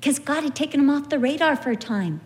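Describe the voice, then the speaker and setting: High-voiced woman teaching the Bible. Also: fast talker. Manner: animated storytelling, acts out quoted people. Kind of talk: conversational Bible teaching with anecdotes.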